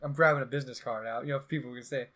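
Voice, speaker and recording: A man's voice: mid-range voice, very fast. A young man hosting a podcast, telling a rambling story in casual chat and acting out the quotes with sarcasm. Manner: animated, acts out quotes with sarcasm. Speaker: podcast host.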